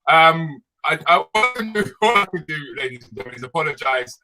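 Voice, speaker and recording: Halting male host with guitar music behind. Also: a little high, animated, bright, forceful tone, rough recording. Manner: apologetic, halting. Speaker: chat show host. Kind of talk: casual chat.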